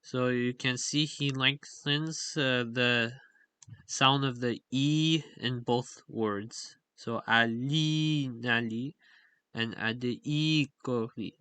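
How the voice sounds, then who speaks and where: A man with a medium-pitched, steady, smooth voice and a sharp tone speaks slowly. He explains the stress patterns of a language in a casual, hesitant way, full of fillers and self-corrections. It's a casual explainer with examples shown on screen.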